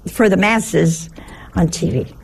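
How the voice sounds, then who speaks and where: Gravelly-voiced woman giving a folksy sermon. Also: fairly low pitch, animated, takes it slowly, darkish tone, slight background noise. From Italian family. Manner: folksy, humorous, full of rhetorical questions. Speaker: religious teacher. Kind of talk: conversational sermon.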